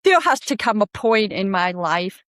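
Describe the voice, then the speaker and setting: Woman guest, mid-pitched, candid and earnest, dry close sound. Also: sing-song, moderate pace, fairly bright tone, no echo. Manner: earnest, candid, laughs easily. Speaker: podcast guest, forest bathing guide. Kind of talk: casual interview talk.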